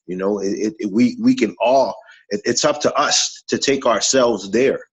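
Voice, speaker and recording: A man's voice: on the low side, moderate pace, breathy edge, low-quality recording. A man who is a regular on a morning talk show, giving an earnest, repetitive motivational talk in a preachy way.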